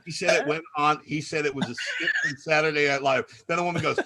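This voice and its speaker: A man on a radio talk show, telling a funny story in a lively way and jumping into high voices for the people he quotes. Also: fast, hardly any pauses, husky. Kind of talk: casual radio chat, retelling a funny story.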